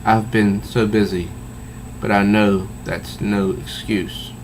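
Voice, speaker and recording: A man voicing a calm, gentle woman team leader, reading her reassuring words from a comic. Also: lowish voice, slow pace, slight background noise, low-quality recording. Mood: kind.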